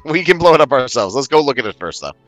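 A man's voice: medium pitch, very animated, fast talker, dull audio, over music. A man playing in a tabletop game, joking and playful. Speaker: player.

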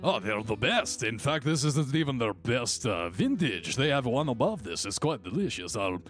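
Man voicing a crude Scottish innkeeper, rambling, lively pitch, faint music behind. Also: normal speed, close to an everyday voice. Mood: confiding. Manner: swearing, rambling, excitable bursts.

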